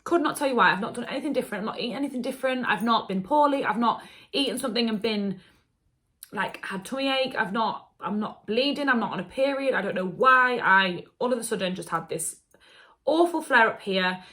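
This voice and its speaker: A young woman talks straight to her camera in a casual story-time vlog. Her voice is bright and clear, and her delivery is chatty, candid and openly emotional. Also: a little high, fairly quick. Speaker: beauty vlogger.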